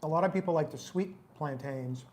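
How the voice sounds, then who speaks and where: A man co-hosting a casual food review, making quick offhand comments. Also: on the high side, darkish tone. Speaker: co-host. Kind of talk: casual chat.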